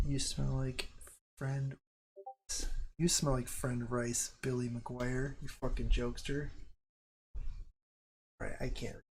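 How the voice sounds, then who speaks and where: A man's voice: mid-range voice, warm tone, a little hiss or hum. A young man chatting casually on a live stream, rambling and swearing freely, with self-mocking asides.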